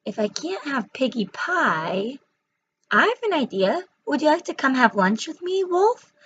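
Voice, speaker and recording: A woman's voice: high voice, very animated, measured pace, fairly bright tone, a little hiss or hum, voice pushed up, exaggerated voice. A woman voicing a greedy, scheming witch who hunts piglets, in a gleeful, wheedling tone, on a slightly muffled recording.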